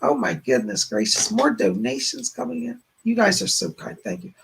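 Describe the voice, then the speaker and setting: A man hosts live-stream psychic readings in a gravelly, husky voice that sounds worn out and hoarse. He passes on spirit messages in repeated "he said" phrasing. He thanks his viewers warmly and often. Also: high voice, very animated, normal speed. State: hoarse, voice giving out. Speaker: psychic medium, stream host.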